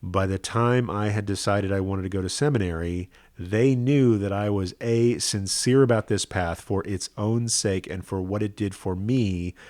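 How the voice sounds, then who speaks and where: A man's voice: on the low side, a little mellow, no room sound, studio quality. A man who is a rabbi, telling a personal story to camera in an earnest, conversational way and often checking in with "right?".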